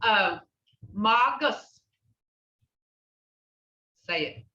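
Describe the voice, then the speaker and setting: An older woman teaching a language class, repeating words slowly and checking in with "okay?". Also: mid-range voice, expressive, pushed and bright. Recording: echoey, distant, dull room recording.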